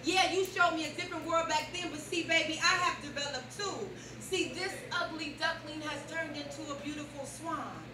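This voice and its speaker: High-voiced woman doing sassy stage poetry, far off mic, roomy club with a loud crowd. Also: moderate pace, hardly any pauses. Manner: sassy, playful, leads the crowd in call-and-response. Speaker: stand-up comic and spoken-word performer. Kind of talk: live stand-up and spoken-word poem with crowd sing-along. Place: comedy club stage before a live audience. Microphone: handheld stage mic heard from a distance.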